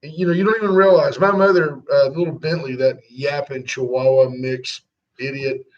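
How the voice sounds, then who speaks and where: A man's voice: medium pitch, fairly even intonation, normal speed. A man co-hosting a radio show, chatting casually and joking with sarcastic asides. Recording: dull lo-fi sound.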